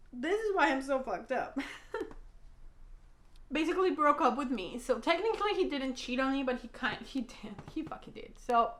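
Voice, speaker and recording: A woman's voice: a little high, fairly bright tone, reverberant. A woman telling an emotional storytime vlog, blunt and rambling, swearing a lot, a native Spanish speaker talking in English. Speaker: vlogger.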